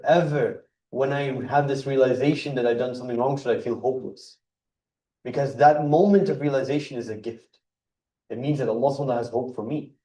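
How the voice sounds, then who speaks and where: In a mosque hall, an earnest man delivers a religious talk in a dark, mellow, mid-range voice. He explains things word by word, stressing each point emphatically. The sound is echoey and captured from a distance.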